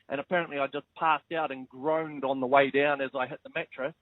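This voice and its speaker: A man's voice: fairly high pitch, steady tone, fast, few pauses, no echo. A man calling in to a radio show, casually telling a funny story and chuckling as he goes. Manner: chuckles through his story. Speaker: radio caller. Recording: dull phone-line audio.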